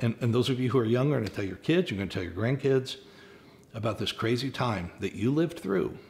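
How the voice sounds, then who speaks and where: Middle-aged man, pastor, earnest sermon and prayer, gravelly voice, often repeats words. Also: medium pitch, a little hiss or hum.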